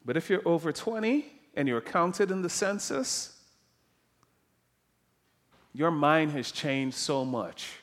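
A man preaching a sermon, emphatic and animated, dropping soft and then rising loud. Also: on the high side, slow, long pauses.

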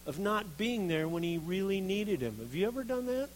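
A man preaching a sermon, reading scripture and acting out the quoted speakers with lively expression. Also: high-pitched, unhurried, slight background noise, rough recording. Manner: animated, acts out quoted voices of Jeremiah and God.

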